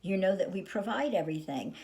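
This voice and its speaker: A woman's voice: medium pitch, animated, a little fast, a little mellow, natural voice. A woman voicing an impatient father in a told story, in close to her own voice. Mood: brusque. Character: impatient father, adult man.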